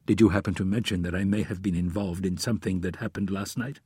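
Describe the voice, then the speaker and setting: A man voicing a careful, serious adult plotter in an audiobook, speaking in measured, earnest tones. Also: low voice, steady tone, darkish tone, breathy edge, dry recording.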